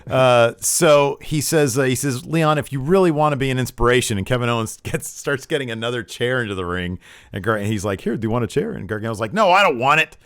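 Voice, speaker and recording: A man co-hosting a podcast, recapping wrestling in casual chat and acting out quotes with lively raised voices. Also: mid-range voice, fast, clear, resonant tone, no room sound, clean studio sound. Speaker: podcast co-host.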